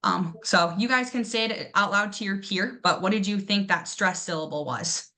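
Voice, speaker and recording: A woman's voice: medium pitch, moderate pace, bright, forceful tone. A young woman teaching a classroom pronunciation lesson, encouraging her students and exaggerating syllables to demonstrate them.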